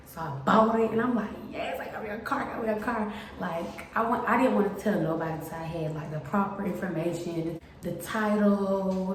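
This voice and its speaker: A young woman casually telling a storytime about her car, chatty and animated, acting out the people in her story. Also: on the low side. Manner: chatty, animated retelling with quoted voices. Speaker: vlogger. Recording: very echoey room with faint noise.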